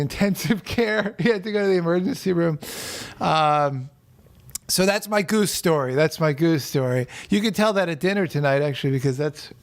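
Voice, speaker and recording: A man comedian telling deadpan, absurd stories in loose banter, with many fillers. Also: fairly high pitch, clean tone. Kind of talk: joking improvised banter.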